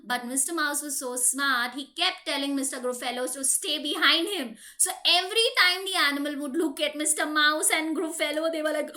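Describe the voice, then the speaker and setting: A woman, a preschool teacher telling a story to children in an animated, sing-song way. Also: sits high, normal speed, few pauses.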